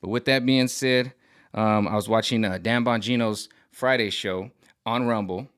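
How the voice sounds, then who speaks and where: A middle-aged man with a somewhat low voice talks to camera on his own. He rambles, repeats phrases and restarts sentences, and he sounds agitated and worked up. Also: moderate pace, fairly bright tone, clear, resonant tone. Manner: mimics other voices sarcastically. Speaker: vlogger. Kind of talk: rambling monologue.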